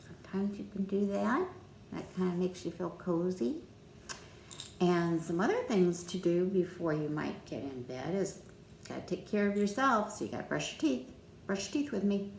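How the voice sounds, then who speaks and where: A woman reading a picture book aloud to children, gentle and playful, inviting them to join in. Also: fairly low pitch, lively intonation, normal speed, creaky, echoey room, slight background noise.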